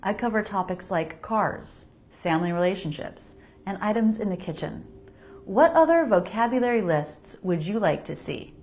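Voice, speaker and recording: An American woman teaching English pronunciation, slowly repeating each word for the listener to copy. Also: medium pitch, expressive, darkish tone. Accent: General American. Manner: slow, precise, repeats words for practice. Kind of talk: pronunciation lesson voice-over.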